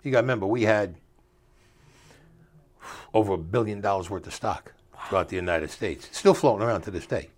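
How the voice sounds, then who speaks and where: An older man telling a story as an interview guest, in a streetwise way with rough grammar, acting out the voices of the people he quotes. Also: lowish voice, a little fast, pauses often.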